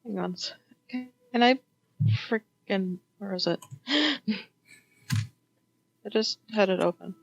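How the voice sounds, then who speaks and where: A woman playing a tabletop game, casual and excitable, stumbling over restarts as she checks her sheet. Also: medium pitch, vocal fry, dull audio. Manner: excitable, flustered, quick restarts. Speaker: player.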